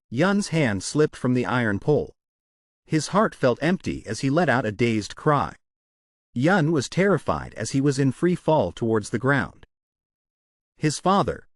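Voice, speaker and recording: A man's voice: mid-range voice, no echo, studio quality. Man narrating a comic recap. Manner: steady, plain read-aloud storytelling. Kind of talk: scripted story narration.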